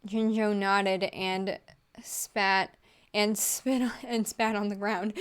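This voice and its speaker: A woman's voice: mid-range voice, takes it slowly, clear, resonant tone. Giggly woman reading fan fiction aloud. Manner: giggly, with deadpan asides. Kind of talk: comedic read-aloud storytelling.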